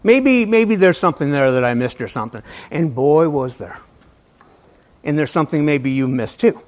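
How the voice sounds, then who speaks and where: A man's voice: on the high side, lively intonation, normal speed. A male pastor giving a casual, conversational sermon to a small church, often stumbling on and repeating his words. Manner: conversational, self-deprecating, repeats words when starting sentences.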